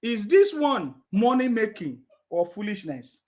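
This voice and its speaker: A man's voice: high-pitched, very animated, unhurried, darkish tone. A man with a Nigerian accent giving mocking political commentary, repeating himself and laughing with scorn.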